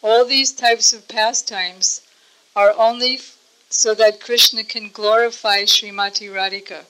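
Woman, religious teacher, slow deliberate delivery, bright clear tone, gentle storytelling. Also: on the high side, fairly even intonation, poor audio. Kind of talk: devotional storytelling talk.

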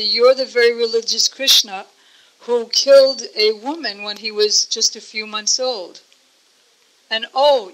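Mocking young cowherd girls with a sarcastic edge, bright tone, unhurried, voiced by a woman storyteller. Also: a little high, poor audio.

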